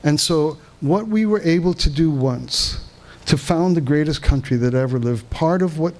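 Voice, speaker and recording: A man giving a live lecture to an audience at a conference in a hall, halting and restarting often as he asks the room questions. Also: on the high side, darkish tone. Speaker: conference speaker. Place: veterans hall, indoors.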